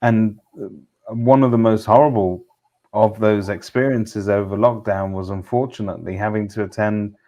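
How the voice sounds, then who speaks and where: Lowish voiced guy, measured and thoughtful, pauses with ums. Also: fairly even intonation, warm tone. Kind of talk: reflective discussion.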